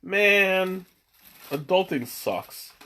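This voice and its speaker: A man hosts a casual tea-tasting live stream, recorded via webcam, where he rambles and chuckles and often drifts off mid-sentence. His high voice sounds pushed and bright, animated yet extremely slow.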